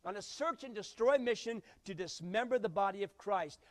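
A man preaching a sermon as pastor. He swings from loud bursts to hushed lines and acts out quoted voices. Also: sits high, fairly quick, few pauses.

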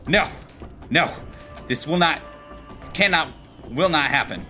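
A man hosting gameplay in voice chat, excitable and jokey, swearing often. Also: a little high, takes it slowly, long pauses, soft background music. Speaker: gameplay video host. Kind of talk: gaming voice chat.

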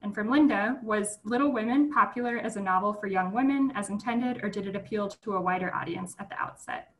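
A woman moderating a panel, reading audience questions aloud in a steady way. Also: mid-range voice, fairly quick, rough recording.

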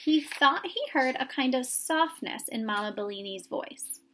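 A woman reading a children's chapter book aloud in a calm, even storytelling manner. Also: sits high, a little slow. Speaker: reader. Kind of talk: storybook read-aloud narration.

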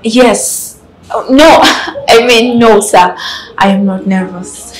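An actress with a Nigerian accent playing a nervous young secretary who stammers, in a Nollywood film. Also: female voice, medium pitch, fairly even intonation, moderate pace, reverberant, lightly acted, low-quality recording. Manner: flustered, stammering and eager to please.

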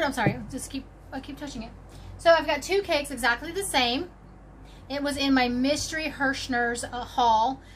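A woman's voice: sits high, fairly bright tone, a little hiss or hum. A woman hosting a casual crochet vlog, chatting to viewers in a bubbly, rambling way as she digs through a box. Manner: chatty, bubbly, talks to viewers while rummaging. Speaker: crochet channel host. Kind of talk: casual show-and-tell vlog.

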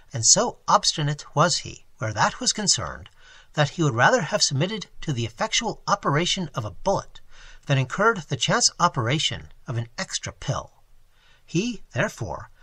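A man reads a classic novel aloud with animated, expressive storytelling. His pitch roams widely and his tone is bright with a touch of breath. The recording is close and dry. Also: husky, dry recording. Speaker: audiobook narrator. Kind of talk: audiobook reading of a classic novel.

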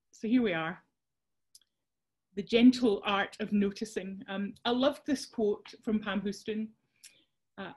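A Scottish woman presenting a workshop over a video call, chatty and self-deprecating with frequent restarts. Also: medium pitch.

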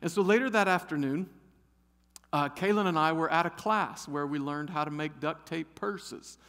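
Middle-aged man, pastor from Ohio, bright humorous sermon storyteller, slightly high voice, long church reverb. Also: normal speed. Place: church sanctuary.

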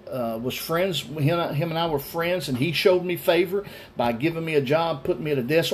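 A man's voice: on the high side, a little hiss or hum. A man in his forties, a pastor earnestly telling a personal story during a Bible study. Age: 40s.

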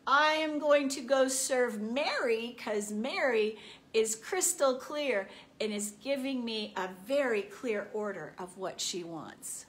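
A woman delivers a spiritual motivational talk with a fairly high voice, taking her time over each phrase. She acts out everyday scenes and laughs often along the way. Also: slow. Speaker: spiritual speaker.

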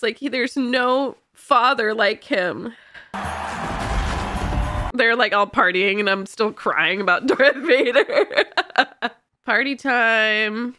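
A high, bright woman's voice reacting to a film on camera. She speaks slowly and effusively, pouring out emotion and filling her sentences with "like". Her tone is casual and open. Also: no echo. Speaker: movie reaction host.

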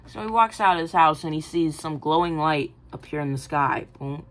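A woman casually pitching a film idea, rambling with many fillers and giggly asides. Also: brisk, low-quality recording. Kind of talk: casual movie-pitch chat.

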